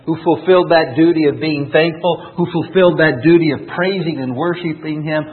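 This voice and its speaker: A man's voice: a little high, brisk. A man, a pastor, preaching a sermon earnestly, reading scripture and telling stories, with a tinny, phone-like sound. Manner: earnest, with lively rising and falling emphasis.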